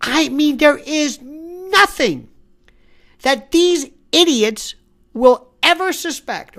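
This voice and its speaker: A man's voice: very high voice, lively intonation, slow, a bit bright. Worked-up guy ranting at the camera, voice jumping all over, keeps tripping on his words. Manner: impassioned, exasperated, repeats and restarts; talks straight to the viewer while browsing online. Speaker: commentator. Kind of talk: political commentary rant.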